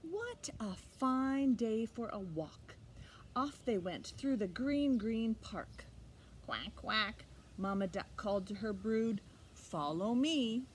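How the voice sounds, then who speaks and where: A woman librarian reading a picture book aloud to children, expressive and animated, pausing for little asides to the listener. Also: a little high, slight background noise. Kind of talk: storytime read-aloud for children.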